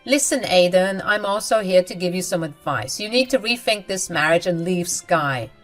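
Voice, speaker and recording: A woman's voice: fairly low pitch, lively intonation, moderate pace, faint music behind, close to an everyday voice, poor audio. A woman voicing a cruel, smug young sister-in-law who talks down to everyone in a self-righteous way.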